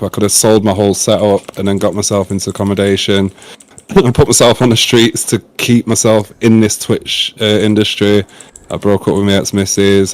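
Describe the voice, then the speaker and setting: A young man from Manchester with a low voice and a relaxed Mancunian accent, talking in a laid-back, open way. The recording is dry and close, with no room sound. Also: dry recording. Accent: Manchester English. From England. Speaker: streamer guest. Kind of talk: casual chat.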